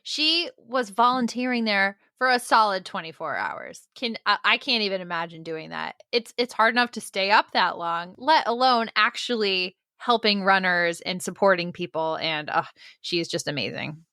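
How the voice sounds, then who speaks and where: A woman's voice: medium pitch, expressive, normal speed, bright, forceful tone, dry recording, studio quality. A woman co-hosting a running podcast, enthusiastic and gushing about her guest. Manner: enthusiastic, gushing, laughs often. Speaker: podcast co-host. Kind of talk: casual chat.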